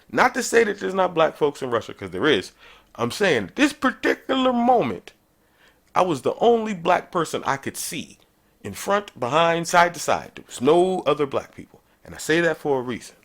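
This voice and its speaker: A man hosting a podcast, telling a travel story in a casual, animated storytelling way. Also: normal speed, creaky. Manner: animated, conversational, jumps in pitch for emphasis. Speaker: podcast host.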